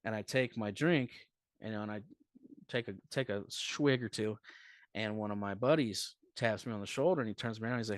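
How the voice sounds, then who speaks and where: Male comedian guest, low register, loose and foul-mouthed storyteller, dry close sound. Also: a little fast, no echo. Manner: profane, rambling storyteller. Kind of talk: casual podcast chat.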